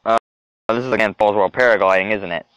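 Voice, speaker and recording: A young man giving reaction commentary as a video creator, animated and exclaiming to himself. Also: on the low side, fast, no echo. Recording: dull lo-fi dry recording.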